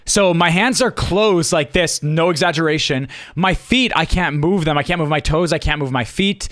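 A young man vlogging, telling a story casually to the camera in an animated, rushed way, full of restarts and quoted lines. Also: on the high side, dry recording, studio quality. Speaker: streamer and vlogger.

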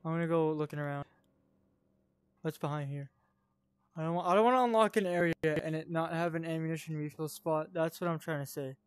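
A man giving casual VR gameplay commentary, excitable, swinging between yelling at enemies and muttering to himself. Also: fairly high pitch, a little fast, clear, resonant tone, no room sound. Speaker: gaming channel host.

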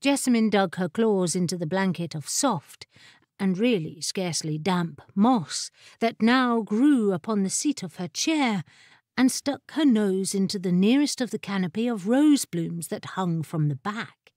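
A woman narrating a fantasy audiobook in a measured, expressive storytelling voice, on a close studio mic. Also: mid-range voice, dry recording.

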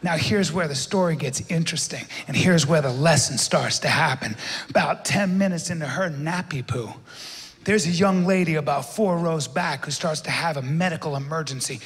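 A man telling a stand-up story in a cocky, self-mocking way, with animated voices for the people in it. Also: on the high side, moderate pace, long reverb tail. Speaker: stand-up comedian.

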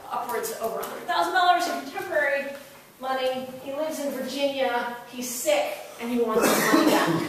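A woman law professor tells a story during a public lecture, chatty and wry, with fillers and restarts. Her fairly high voice comes from a distance in a very echoey hall. Faint noise sits underneath. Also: a bit bright.

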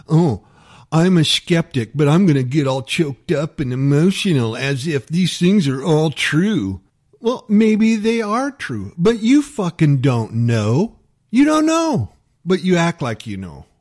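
A man's voice: a little high, darkish tone. A man delivering an angry, profane rant as a YouTube commentator, heated and mocking.

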